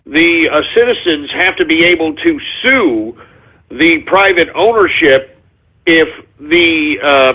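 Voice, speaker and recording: Tinny-sounding high-voiced radio host man. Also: slightly rough. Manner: rambling, many fillers and restarts. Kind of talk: call-in radio talk.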